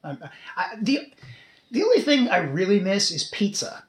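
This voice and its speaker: A chatty man hosts a podcast, his pitch swinging up and down. He swears casually and rambles. The room around him is echoey. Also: very animated, normal speed. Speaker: podcast host. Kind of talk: casual chat.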